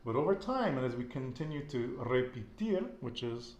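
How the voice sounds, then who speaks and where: A man's voice: mid-range voice, big pitch swings, normal speed, a little mellow, lo-fi sound. A man teaching a Spanish lesson, patiently quizzing a student and repeating her answers back with encouragement. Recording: echoey room with faint noise.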